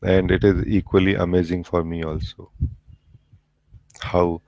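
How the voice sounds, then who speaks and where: Deep, even-voiced male spiritual teacher; slow, halting, gentle satsang delivery, dry video-call sound. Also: vocal fry, no room sound, low-quality recording. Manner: slow, gentle, halting, with many pauses and fillers. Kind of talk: satsang talk.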